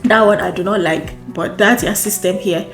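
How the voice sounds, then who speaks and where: Expressive Nigerian woman vlogging in a roomy space. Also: medium pitch, normal speed. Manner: expressive, exclamatory, repeats phrases for emphasis. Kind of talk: casual chat to camera. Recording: roomy echo with faint background music.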